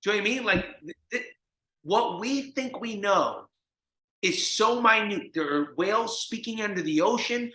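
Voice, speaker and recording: In an echoey room, a New Jersey recovery mentor shares stories as an interview guest, his voice sitting high at a moderate pace. He's animated, acting out each person he quotes.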